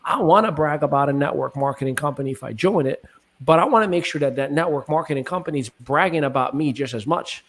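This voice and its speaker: A passionate man hosting a casual panel discussion, with a voice a little higher than most men's. He builds his points with repeated, preachy phrases and restarts often. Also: fast, fairly bright tone. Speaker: host.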